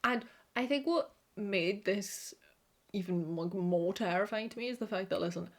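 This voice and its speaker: Young Welsh woman, casual vlog chat, animated, swears and laughs, mid-pitched voice. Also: normal speed. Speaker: vlogger.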